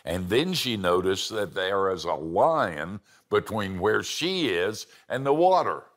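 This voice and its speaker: A man's voice: sits low, sing-song, slow. An older man preaching a sermon with folksy, self-deprecating humor and storytelling. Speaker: pastor and seminary teacher.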